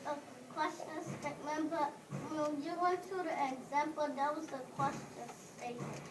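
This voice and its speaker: High young student voice, echoey room. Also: steady tone, normal speed, background noise. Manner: hesitant, searching for words. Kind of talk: classroom answer. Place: classroom. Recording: echoey classroom from far off.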